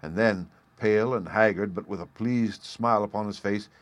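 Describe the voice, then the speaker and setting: Low-voiced man reading a storybook. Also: normal speed, dry recording. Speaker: audiobook narrator. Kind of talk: scripted narration.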